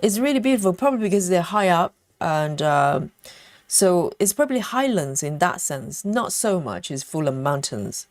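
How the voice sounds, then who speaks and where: A woman's voice: on the low side, big pitch swings, normal speed, a little mellow, no room sound, studio quality. A woman hosting a cross-stitch livestream, chatting casually, reading viewer comments and counting stitches, with lots of fillers. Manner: many fillers and self-interruptions. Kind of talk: casual chat while stitching live.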